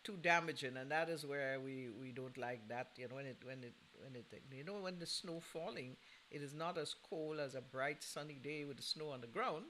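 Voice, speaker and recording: Bright-voiced chatty man host. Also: medium pitch, normal speed, a little hiss or hum, poor audio. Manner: chatty and playful, teasing listeners with laughs. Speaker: radio show host. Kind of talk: casual chat between records.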